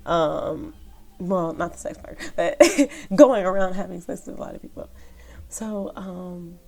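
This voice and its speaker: A woman's voice: on the low side, unhurried, creaky, darkish tone. A woman telling a personal story to her viewers in a casual, rambling way, with many fillers. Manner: rambling, chatty, lots of fillers. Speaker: vlogger, former rideshare driver.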